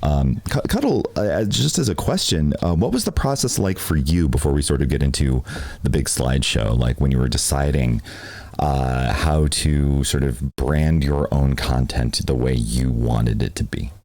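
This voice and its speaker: Sex: man. Role: stream team host. Style: live-stream masterclass. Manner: rambling, lots of fillers, quick to laugh. Pitch: very low but swinging widely. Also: lively intonation, vocal fry, a little mellow.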